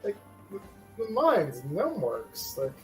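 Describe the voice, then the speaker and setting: A man's voice: sits high, wildly swooping pitch, slow pace. Playful man in a tabletop game. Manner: hesitant, filler-heavy, playful. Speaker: player. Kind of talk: tabletop game role-play. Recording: faint music behind.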